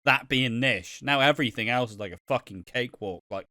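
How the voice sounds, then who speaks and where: A man's voice: mid-range voice, fairly quick, sharp tone, dry recording, clean studio sound. A man co-hosting a casual soap podcast, swearing a lot, laughing often and acting out the characters' lines. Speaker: podcast co-host. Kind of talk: casual soap recap chat.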